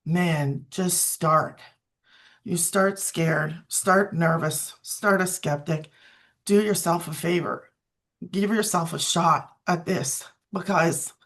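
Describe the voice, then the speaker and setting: A middle-aged woman giving a casual, earnest testimonial as a guest, talking in an emotional storytelling way. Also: mid-range voice. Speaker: guest sharing her story.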